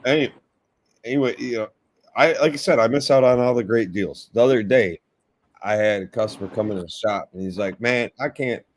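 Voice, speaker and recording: A man's voice: lowish voice, fairly quick. Profane storytelling man. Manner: profane, animated, acts out voices in anecdotes. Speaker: host, shop worker. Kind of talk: casual chat, storytelling.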